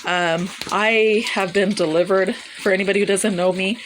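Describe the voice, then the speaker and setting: A woman with children giving a casual personal testimony about a dream, halting and full of fillers and restarts. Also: medium pitch, fairly even intonation, slight background noise, rough recording. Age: adult with children. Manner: hesitant, many fillers and restarts. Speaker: Christian vlogger sharing a dream.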